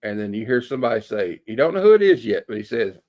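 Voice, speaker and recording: A man talks through a comic book in a loose, chatty way, pausing often with fillers as he thinks. His voice sits in an ordinary middle range, and he leans on folksy sayings. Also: mid-range voice, big pitch swings, darkish tone. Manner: rambling, hesitant with many fillers. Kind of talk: casual comic review.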